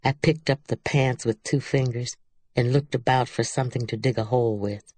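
A woman narrating a literary audiobook in a measured, unhurried reading. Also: a bass voice, fairly even intonation, darkish tone, slightly rough, no echo.

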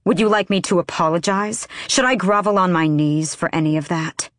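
A woman's voice: on the low side, brisk, no echo, clean studio sound, close to an everyday voice. Woman reading as a sardonic young assassin. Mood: bitter. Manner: cutting, sardonic.

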